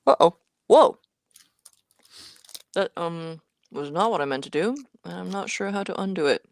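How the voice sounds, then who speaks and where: A woman co-hosts a live hardware build stream, chatting casually and thinking aloud, half muttering to herself as she works things out in a playful, slangy way. Her voice is on the low side and expressive, with vocal fry, at a normal speed. There's no room sound.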